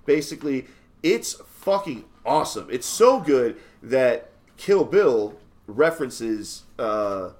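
A man on a casual movie podcast, rambling and swearing as he recounts a film. He stops and restarts often, then bursts into excited praise. His voice sits at a middling pitch for a man. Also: slow. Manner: rambling, swearing, stop-start enthusiasm. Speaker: podcast co-host.

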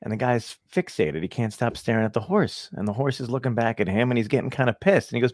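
A man's voice: medium pitch, expressive, fast, hardly any pauses, a little mellow, no echo, studio quality. A man on a podcast, chatting casually and telling dumb animal jokes, laughing often and acting out the voices in them. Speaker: podcast guest. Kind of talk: casual chat, joke telling.

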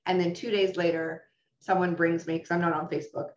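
A woman's voice: lowish voice, level tone, fairly quick, slight background noise. A woman who owns a salon, telling a story in a casual interview in a frank, blunt way that turns to swearing when she is upset. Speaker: salon owner. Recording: roomy, slightly dull sound.

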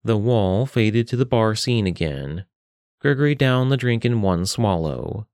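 A man narrating a short story for a podcast in a steady, unhurried reading. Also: fairly low pitch, no echo, studio quality. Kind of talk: scripted narration.

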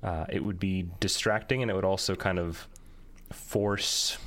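A man chatting casually about a video game, thoughtful and measured, laughing at himself now and then. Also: sits low, steady tone, a bit bright. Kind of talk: casual gaming chat.

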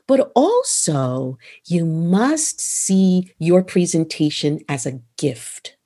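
Husky, lively woman coaching. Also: on the low side, slow pace. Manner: emphatic, instructive, lands her phrases firmly. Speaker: voice coach and author. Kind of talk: podcast interview answers.

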